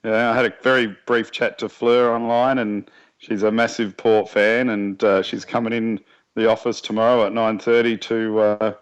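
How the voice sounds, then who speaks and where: An Australian podcast co-host with a lowish voice, relaxed and fond of a joke. His sound comes through dull and lo-fi, as if from a cheaper mic. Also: normal speed, smooth. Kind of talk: casual sports chat. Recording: dull lo-fi recording.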